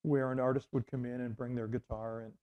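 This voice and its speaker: A man's voice: mid-range voice, flat delivery, a little fast, highs cut off. A middle-aged man from Canada, a former radio host, telling rambling anecdotes in an interview with many restarts and fillers. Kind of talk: casual interview storytelling.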